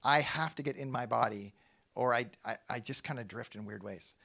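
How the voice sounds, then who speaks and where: A middle-aged male pastor talks casually and animatedly to his congregation, with a gravelly edge in his voice. He mocks himself and restarts his sentences as he thinks aloud, pitched in an ordinary male range. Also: moderate pace, sharp tone. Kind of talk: casual sermon talk.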